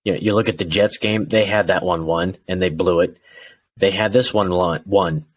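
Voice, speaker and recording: A man with a fairly low voice talks football with a co-host in a relaxed podcast chat. He gets animated and slips into mock voices of frustrated fans. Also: moderate pace. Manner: animated, acts out fans' rants in quoted voices. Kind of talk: casual sports chat.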